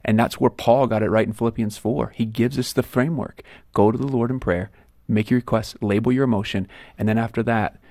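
A man, a guest on a radio talk show, telling a story in a measured way with frequent "uh" pauses. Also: mid-range voice, steady tone, darkish tone, no room sound, studio quality. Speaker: guest, author. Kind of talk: conversational radio interview.

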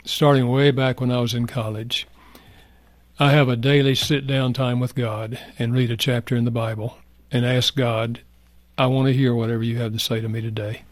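Un homme âgé, invité d'une émission, raconte avec sincérité et douceur une histoire personnelle. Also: male voice, mid-range voice, little pitch movement, moderate pace, dry recording. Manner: earnest, soft-spoken, reflective. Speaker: guest. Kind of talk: heartfelt personal storytelling.

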